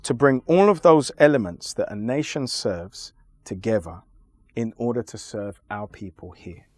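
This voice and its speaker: A man being interviewed, arguing his points in a forceful, lecturing way with deliberate pauses. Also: medium pitch, no room sound, clean studio sound. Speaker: interview guest. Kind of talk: emphatic conversational argument.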